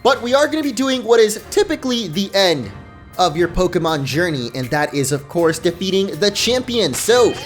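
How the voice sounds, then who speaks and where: Excitable gaming guy commenting his playthrough, voice bouncing up and down, faint game music under it. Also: high-pitched. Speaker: let's play host. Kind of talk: gameplay commentary.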